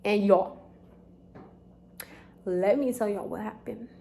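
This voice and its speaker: A young woman, telling a storytime vlog straight to her viewers in an animated, chatty way. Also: medium pitch, slow pace, gravelly, slight background noise. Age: young adult. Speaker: vlogger.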